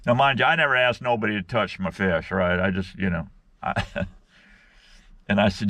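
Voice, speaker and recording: Gravelly-voiced man telling fishing tales. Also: fairly low pitch, animated, moderate pace, long pauses, sharp tone, dry recording. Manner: folksy, rambling, keeps saying "guys" and "right". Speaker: fishing vlogger. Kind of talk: casual storytelling to viewers. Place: fishing spot on a riverbank, outdoors.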